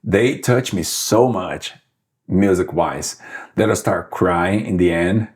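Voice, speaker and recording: A man in his forties from Brazil with a Brazilian Portuguese accent, chatting as an interview guest, halting with many fillers and restarts. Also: sits low, a little mellow, slightly rough. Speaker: guest musician. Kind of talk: casual interview chat.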